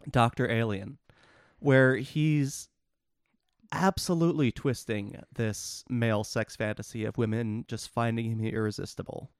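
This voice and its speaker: A podcast co-host casually and wryly explains the plots of obscure films in a movie discussion. His voice is medium-pitched and steady with a measured pace, captured in a dry, clean studio recording.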